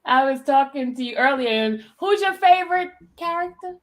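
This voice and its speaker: A woman hosting a casual live-stream interview, chatty and quick to laugh. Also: high-pitched, lively intonation. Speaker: host.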